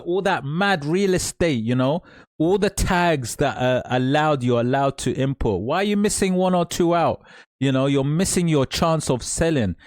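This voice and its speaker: A man speaks straight to his viewers as a coach, pressing each point again and again. His voice sits at a middle pitch and sounds dry and close. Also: darkish tone, dry recording. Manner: emphatic, repeats points, calls listener mate. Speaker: online business coach. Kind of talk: direct-to-camera advice talk.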